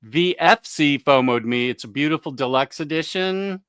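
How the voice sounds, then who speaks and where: A man co-hosting a comics show in casual chat, unhurried and hesitant, searching for words. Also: a little high, expressive, a bit bright, clean tone, no room sound, clean studio sound.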